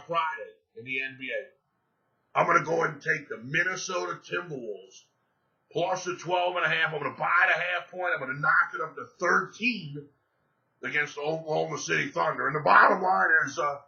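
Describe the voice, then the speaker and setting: A man in a brash, profanity-laced betting-pick monologue, bragging as he runs through his plays. His voice sits high and sounds hard-edged and gravelly. The recording is dull and lo-fi. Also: sharp tone. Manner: boastful, profane and swaggering. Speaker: sports betting handicapper.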